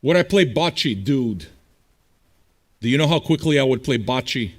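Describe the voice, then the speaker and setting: A man's voice: mid-range voice, expressive, a little slow. A man hosting a livestreamed music show, answering viewer chat in a blunt, profane, combative way. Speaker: streaming radio DJ host.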